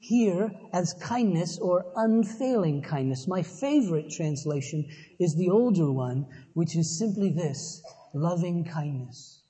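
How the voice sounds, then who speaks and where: A man's voice: a little high, animated, a little slow, dark tone, husky. A man preaching a sermon, earnest, building to emphatic repeated phrases. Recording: long hall reverb.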